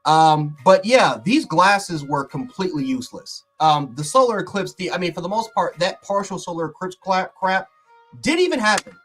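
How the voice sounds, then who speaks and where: A man hosting a casual livestream, talking in an excitable, rambling way with lots of fillers and restarts. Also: sits high, moderate pace, soft background music. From Buffalo, New York. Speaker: sports channel host.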